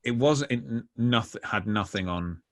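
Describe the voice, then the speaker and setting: A man co-hosting a casual chat, rambling and halting as he loses his train of thought on a video call. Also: mid-range voice. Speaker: podcast co-host.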